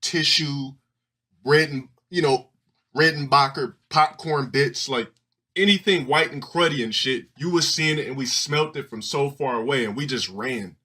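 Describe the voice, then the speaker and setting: A man's voice: mid-range voice, a little slow, sharp tone. A man streaming live and telling crude, rambling stories to his viewers, swearing and restarting often. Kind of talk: casual profane storytelling to a live audience.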